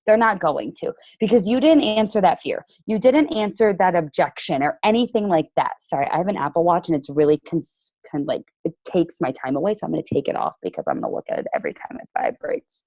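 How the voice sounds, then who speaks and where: A woman's voice: on the low side, sing-song, fairly quick, darkish tone, dry recording, muffled recording. A woman business coach leading a team training call, chatty and emphatic with a sarcastic streak.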